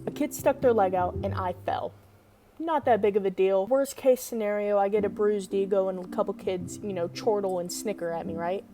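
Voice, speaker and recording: A woman vlogger telling a personal story in an animated, dramatic, self-mocking way. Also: mid-range voice, brisk, hardly any pauses. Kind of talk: storytime vlog. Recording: music playing underneath.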